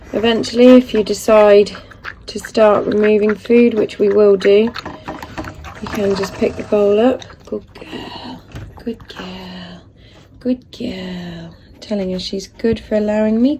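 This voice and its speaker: A woman gives a casual dog-training lesson at home, holding her phone as she hand-feeds a puppy. Her voice is mid-pitched and often drops to soft murmurs of praise. A faint hiss of background noise sits under the recording. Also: steady tone, normal speed. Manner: hand-feeding a puppy while filming on a phone. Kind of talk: casual instructional talk. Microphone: phone held in hand.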